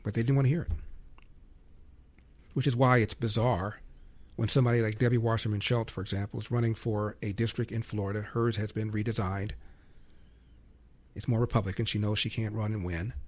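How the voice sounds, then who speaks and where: A man's voice: lowish voice, a little mellow. A man hosting a call-in radio talk show, arguing emphatically and firing off rhetorical questions.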